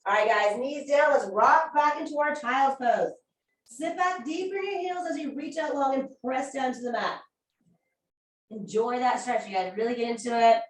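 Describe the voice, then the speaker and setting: A woman's voice: high voice, normal speed. Upbeat woman coaching a workout class. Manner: upbeat, encouraging, chatty coaching. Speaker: fitness instructor. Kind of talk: guided workout class cueing. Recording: echoey room from far off mic.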